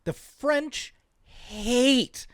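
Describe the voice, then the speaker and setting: A man's voice: very high-pitched, extremely slow, no room sound, studio quality. A man co-hosting a podcast, riffing with crude, rambling jokes. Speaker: podcast co-host. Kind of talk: casual comedic banter.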